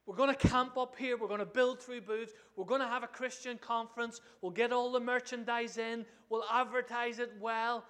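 A man's voice: very high-pitched, flat delivery, normal speed, few pauses, sharp tone. A man voicing an impatient, eager male apostle who bossily lays out plans.

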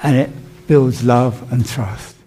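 A man's voice: mid-range voice, fairly even intonation, takes it slowly, dark tone, husky. A male pastor giving a sermon in a conversational, storytelling way. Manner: conversational storytelling with plain emphasis.

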